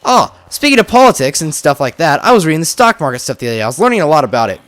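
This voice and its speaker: A man talks through his game session in a loose, rambling way, leaning on "like" as he goes. His voice sits a bit high and swings widely up and down. The sound is dry and close. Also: very animated, very fast, fairly bright tone, dry recording. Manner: rambling, chatty, heavy use of "like". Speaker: gaming video host. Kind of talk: casual gameplay commentary.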